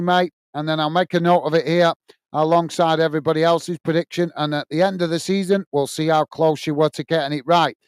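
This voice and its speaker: A man's voice: fairly high pitch, clean tone, no room sound. A British man hosting a casual live stream, reading out viewer comments and thanking them with lots of "uh" fillers and friendly sign-offs. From United Kingdom.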